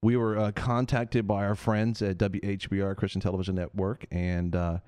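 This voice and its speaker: Low-voiced man preaching on a talk show. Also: level tone, moderate pace, a little mellow, clean tone, no room sound, studio quality. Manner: earnest, emphatic, repeats phrases. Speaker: host of a Christian TV and radio show.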